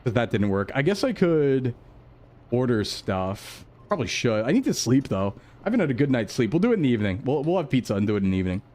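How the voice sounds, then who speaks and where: A male streamer with a voice sitting at an ordinary middle pitch. He chats casually while he plays, rambling to himself and to his chat. He is jumpy and quick to startle. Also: very animated, a little mellow.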